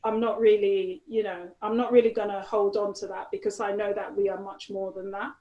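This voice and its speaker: A woman guest telling her story in a conversational interview, animated and peppered with "you know". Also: mid-range voice, a little fast, lo-fi sound. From Nigeria. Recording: echoey room.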